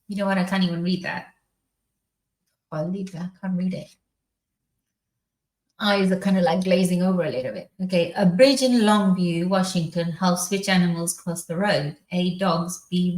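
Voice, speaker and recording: A British woman from the United Kingdom vlogging a spicy food challenge, reading trivia aloud in a slow, halting way. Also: on the low side. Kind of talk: casual vlog talk, reading trivia aloud. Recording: echoey room.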